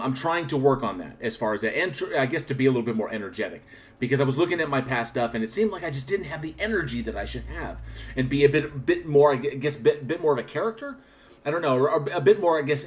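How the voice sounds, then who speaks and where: A man hosting a livestream, chatting casually and thanking viewers one by one, with frequent restarts and a candid, reflective manner. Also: mid-range voice. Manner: reflective and candid about his channel. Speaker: livestream host. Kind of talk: casual live-chat shoutouts.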